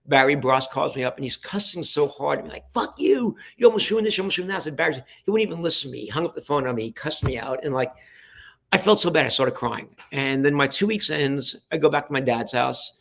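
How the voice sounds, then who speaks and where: A fast-talking man in middle age spins backstage stories in a loose, casual interview. He is animated, jumping into the voices of the people in his tale and cursing when he gets worked up. His pitch sits in an ordinary middle range. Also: gravelly. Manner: animated, acts out quoted voices, swears when heated. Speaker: podcast guest.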